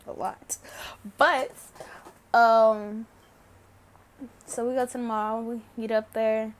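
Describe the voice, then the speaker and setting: A woman's voice: fairly high pitch, flat delivery, drawn-out words, long pauses. A young woman vlogging to camera, telling a story casually, laughing often and swearing freely.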